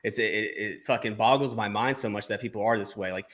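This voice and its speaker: Male podcast host, rapid-fire delivery, sarcastic and profane, casual. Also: fairly low pitch, fairly bright tone.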